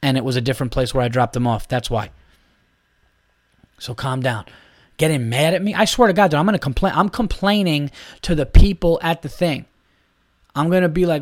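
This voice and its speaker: A man's voice: a little high, a little fast, long pauses, dry recording, studio quality. A man in his thirties hosting a solo podcast, ranting in a heated, profane, rambling way. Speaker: podcast host.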